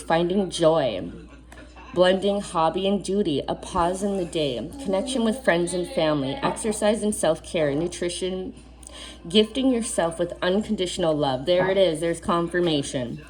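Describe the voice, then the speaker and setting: This oracle card reader has a lowish, slightly mellow voice and speaks at a normal speed. After reciting what the card says, she offers sincere, offhand comments to the camera and returns to important phrases to stress them.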